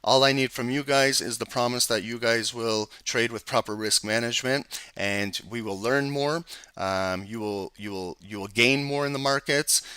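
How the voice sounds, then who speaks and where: Male trading instructor, casual and rambling with fillers, crisp bright tone, dry sound. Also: mid-range voice, moderate pace, no room sound. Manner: casual, talkative, many ums and restarts. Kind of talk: live screen-share trading lesson.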